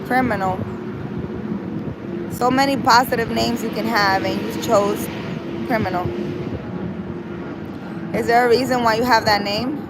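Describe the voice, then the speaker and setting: A woman's voice: fairly high pitch, fairly even intonation, unhurried, pauses often. Chatty New woman outdoors in the wind. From United States. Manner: chatty, frank, talks straight to viewers with many fillers. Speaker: live stream host. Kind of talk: casual live chat reading viewer comments. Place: outdoors in a city. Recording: outdoor wind and traffic noise.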